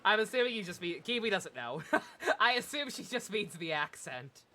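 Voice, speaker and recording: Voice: mid-range voice, big pitch swings, normal speed, bright, forceful tone. A streamer giving casual, irreverent commentary over a game, joking and laughing often. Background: game audio and music.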